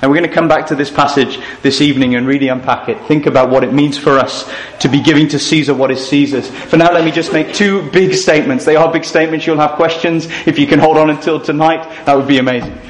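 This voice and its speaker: A man's voice: a little high, steady tone, fast talker, hardly any pauses. A man preaching a sermon at a family camp, earnest and storytelling, using rhetorical questions. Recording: echoey room, faint noise.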